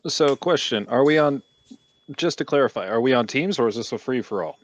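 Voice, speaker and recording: A man's voice: mid-range voice, expressive, fairly quick, dry recording, poor audio. A man playing a tabletop game, joking and chatty. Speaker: player. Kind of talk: casual tabletop play.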